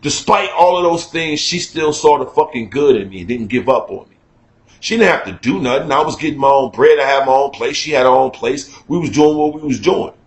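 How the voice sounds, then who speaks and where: A middle-aged man giving a candid, profane talk-show monologue, emphatic and conversational, getting loud when he is worked up. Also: mid-range voice, animated, a little fast, reverberant, low-quality recording. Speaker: radio talk show host.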